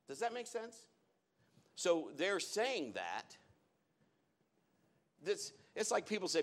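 A male pastor delivering a sermon in a church, his voice pitched a little above the usual for a man. He talks in a folksy, storytelling way, drawing on his own life as he preaches to the congregation. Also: big pitch swings, slow pace, pauses often, a bit bright.

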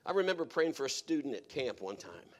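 A middle-aged man preaching a sermon, telling stories and swinging between hushed, quiet passages and loud, emphatic exhortation. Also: mid-range voice, sing-song, brisk, muffled recording. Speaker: pastor.

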